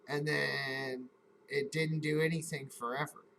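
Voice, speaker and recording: A man's voice: a little high, flat delivery, measured pace, vocal fry, sharp tone, a little hiss or hum, low-quality recording. A man hosting a live stream, casually telling a rambling, profane story and acting out his own reactions in quotes.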